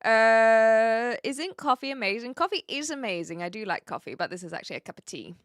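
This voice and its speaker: A woman's voice: a little high, animated, fairly quick, no room sound, clean studio sound. A woman from New Zealand with a light accent, chatting casually with viewers on a live stream, laughing often and trailing off mid-sentence.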